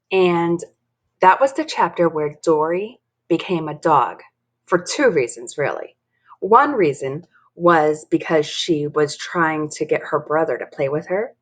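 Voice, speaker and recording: A woman reads a children's storybook aloud, her pitch leaping around as she brings the characters to life. Her voice sits a little low and sounds slightly husky. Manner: expressive, lively character voices. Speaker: teacher reading aloud.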